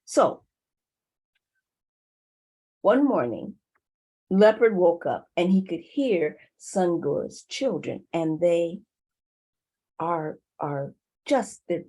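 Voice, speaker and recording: A woman telling a folk tale to a community group in an unhurried way. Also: lowish voice, low-quality recording. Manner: lively, unhurried, with pauses. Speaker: storyteller.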